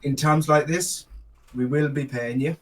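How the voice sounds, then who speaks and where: Running a tabletop role-playing game, a game master narrates the action and voices a mage. His fairly high voice is steady and unhurried on a rough recording, and he talks hesitantly with many fillers and restarts.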